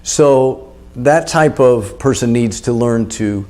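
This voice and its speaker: A man's voice: medium pitch, sing-song, a little slow, darkish tone. A middle-aged man teaching a guided anger exercise, coaching and urging the listener on.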